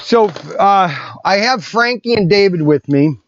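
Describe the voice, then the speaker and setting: A man's voice: high-pitched, animated, measured pace, noisy background. Rambling, chatty man in a dull recording. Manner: rambling, chatty, often restarts sentences. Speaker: toy shop owner. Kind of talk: casual vlog while packing orders. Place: indoor shop packing area. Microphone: separate mic system away from the camera.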